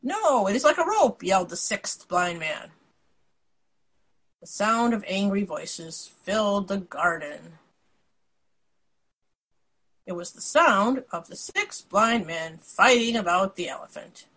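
A woman reading a picture book aloud in an expressive way, with casual asides to her listeners. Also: mid-range voice, slow, long pauses, poor audio. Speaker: storyteller.

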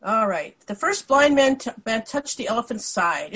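Woman, husky, lively pitch, storybook read-aloud, casual asides. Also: normal speed, few pauses, rough recording. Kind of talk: reading a picture book aloud.

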